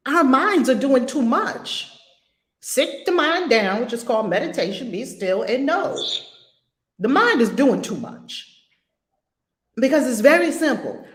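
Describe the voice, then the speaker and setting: A woman's voice: sits high, big pitch swings, a little slow, pauses often, roomy sound. A woman leading a spiritual lesson at home, asking many rhetorical questions in an emphatic way. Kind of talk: spiritual teaching with questions to a student.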